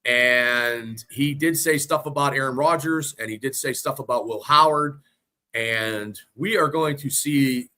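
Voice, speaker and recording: A man co-hosting a casual sports podcast, talking in an excitable, rambling way and swearing freely. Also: medium pitch, measured pace. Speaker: podcast co-host.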